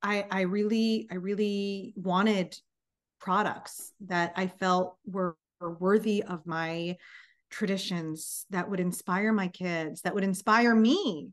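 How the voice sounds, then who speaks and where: Animated woman telling a story. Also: medium pitch, takes it slowly. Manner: animated, acts out dialogue in storytelling. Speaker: guest, business founder. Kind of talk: storytelling interview.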